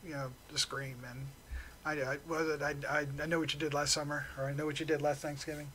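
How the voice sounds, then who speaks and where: A man on a podcast panel casually giving an enthusiastic film review, talking in quick bursts with restarts. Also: fairly high pitch, little pitch movement, a bit bright, a little hiss or hum, rough recording.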